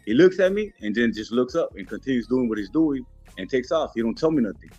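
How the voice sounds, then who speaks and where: A man's voice: mid-range voice, animated, fast talker, mellow, slightly rough. A man as a podcast guest, telling a story casually in street slang, laid-back and acting out what others said. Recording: muffled with faint music.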